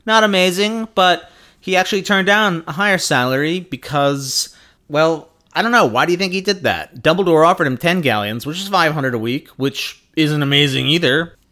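A man's voice: a little high, expressive, normal speed, bright, forceful tone. Wry podcast man with dry asides. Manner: dry, wry, explains with numbers. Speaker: podcast co-host. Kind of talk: casual chat.

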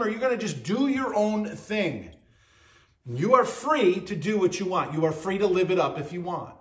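A high-pitched man preaches with earnest conviction, repeating his questions for emphasis. He moves between loud declarations and hushed asides. His voice rings with the echo of the room around him. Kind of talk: sermon.

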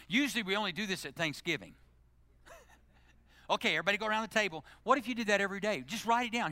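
A middle-aged male pastor delivering a sermon, swinging from loud, emphatic exhortation to hushed, intimate prayer. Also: high voice, no echo. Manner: animated preaching, climbing to loud emphasis then dropping to hushed, intimate prayer.

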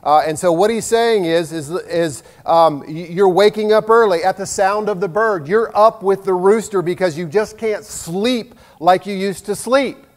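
Preacher guy in his 50s, highish voice, folksy jokey sermon, big hall echo. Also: measured pace, hardly any pauses. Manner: folksy, self-deprecating storytelling with humor. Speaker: pastor. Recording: long hall reverb.

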